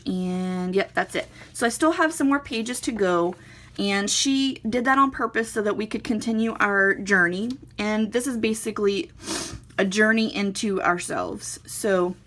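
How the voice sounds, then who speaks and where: A woman in her thirties talks viewers through her handmade journal in a relaxed show-and-tell way. She sounds earnest and a little hesitant, often pausing on an um. Her voice sits at an ordinary middle pitch. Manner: earnest, hesitant, lots of ums. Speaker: crafting vlogger. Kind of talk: casual show-and-tell chat.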